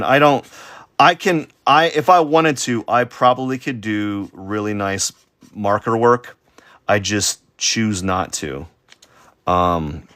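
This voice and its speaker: A man's voice: sits low, fairly bright tone. A man streaming a drawing session live, rambling and joking about his own work as he sketches. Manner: rambling, self-deprecating, with silly sound effects. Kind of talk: casual live-stream commentary while drawing.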